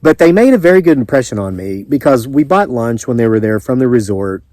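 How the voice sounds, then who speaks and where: A man's voice: mid-range voice, expressive, brisk, mellow, dry recording. A man with a Southern US accent, chatting in a rambling, storytelling way as a homesteading vlogger. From American South. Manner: rambling, chatty, frequent restarts and asides. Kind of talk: casual storytelling to camera.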